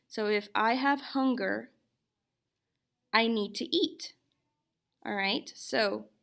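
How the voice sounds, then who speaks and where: Slow, patient woman teacher with gravelly tone. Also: medium pitch, fairly bright tone. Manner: slow and patient, checks in with "okay?". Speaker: Spanish teacher. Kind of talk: recorded classroom lecture.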